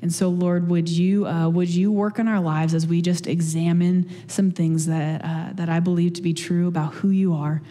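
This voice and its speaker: A woman's voice: fairly low pitch, little pitch movement, moderate pace, hardly any pauses, dark tone, long reverb tail. A woman preaching a casual sermon and prayer, chatty, with many fillers and restarts.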